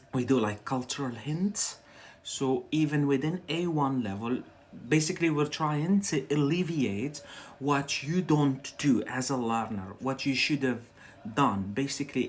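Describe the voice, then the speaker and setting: An Algerian man with a mid-range voice, who isn't a native English speaker, teaches English on a chatty live stream. He answers viewers' questions and uses lots of fillers.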